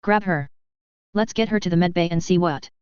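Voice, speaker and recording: Gruff male squad leader read by a woman, curt commanding orders, dry close sound. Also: on the low side, normal speed, darkish tone, no echo, lo-fi sound, close to an everyday voice.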